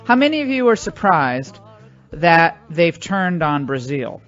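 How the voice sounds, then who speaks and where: A woman hosting a radio talk show, bantering in a chatty, animated way and jumping between asides. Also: sits low, unhurried, soft background music. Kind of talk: casual on-air banter. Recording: slightly muffled radio audio.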